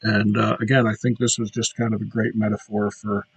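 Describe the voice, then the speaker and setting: A man hosting his podcast, talking through a reflective solo monologue with frequent pauses and fillers. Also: on the low side, flat delivery, slightly rough, no echo, poor audio. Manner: reflective, halting with many fillers. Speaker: podcast host.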